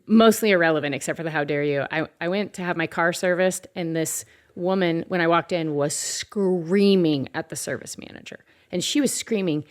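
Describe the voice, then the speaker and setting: A woman pastor with a lowish voice, speaking at normal speed, hosts a faith podcast. She chats casually and tells a story animatedly, acting out the voices of the people she quotes.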